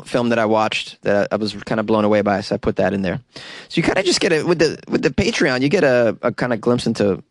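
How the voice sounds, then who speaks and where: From a small closet studio, a young man with a Boston accent hosts his podcast alone, chatting loosely with self-deprecating humor and frequent laughter. He speaks in a mid-range voice. There's no echo.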